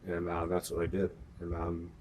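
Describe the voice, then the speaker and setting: A middle-aged man, a guest on a podcast, talking in a measured, hesitant way with frequent "uh" and "um". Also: deep voice, completely flat delivery, darkish tone, a little hiss or hum. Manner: measured, hesitant, many uhs and ums. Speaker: guest, host's partner. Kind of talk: casual conversation.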